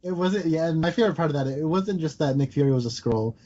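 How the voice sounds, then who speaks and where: A man's voice: fairly high pitch, expressive, fast talker, crowd noise. A man co-hosting a podcast, chatting casually and hesitantly, with stacked fillers. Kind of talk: casual chat. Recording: dull lo-fi podcast audio.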